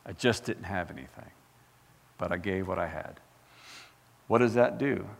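A man preaching a sermon as pastor, fired up and animated, full of folksy asides and repeated words. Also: low-pitched, moderate pace, creaky, big-room sound. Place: church sanctuary.

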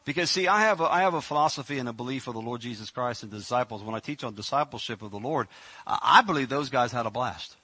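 Pastor, middle-aged man, playful sermon delivery, crisp bright tone. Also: medium pitch, quick pace, dry recording. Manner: jokey, animated, acts out Bible scenes.

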